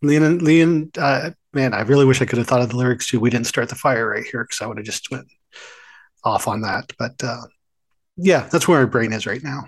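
Husky easygoing male podcast co-host. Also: mid-range voice, normal speed. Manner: scattered, easygoing, tangent-prone. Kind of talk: casual podcast chat.

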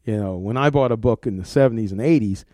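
A man's voice: on the low side, fast talker, dark tone, no room sound. A middle-aged man, a comics art director, talking casually in an interview, rambling and repeating words, laughing often.

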